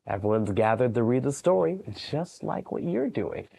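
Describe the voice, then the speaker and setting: A man working as a library storyteller, reading bedtime stories to young children in a gentle, animated way. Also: mid-range voice, unhurried, creaky, slightly rough.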